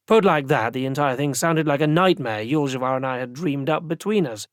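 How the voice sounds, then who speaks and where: Guy reading an audiobook in first person, slightly higher voice, very dry close mic. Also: brisk, hardly any pauses, no room sound. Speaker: audiobook narrator. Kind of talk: scripted first-person narration.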